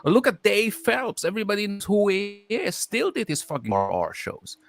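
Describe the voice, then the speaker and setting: A man's voice: sits high, wildly swooping pitch, moderate pace, gravelly. A man co-hosting a live stream, delivering an aggressive, taunting, profane rant.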